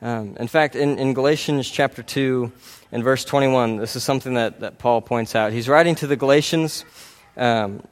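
This preacher speaks with a medium pitch at a moderate pace and few pauses. He stays earnest and conversational, regularly checking in with the congregation through "right?" tags and restarted thoughts.

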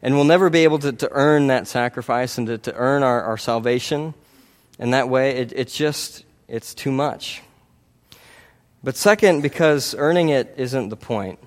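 A mid-range male voice carries a sermon at a moderate pace. The preacher is earnest and conversational, often checking in with "right?" and restarting his lines.

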